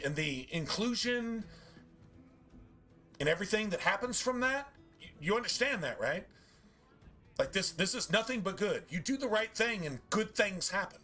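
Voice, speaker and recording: Profane, preachy male streamer with a sharp voice. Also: high voice. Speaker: game streamer. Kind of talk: casual rant while gaming.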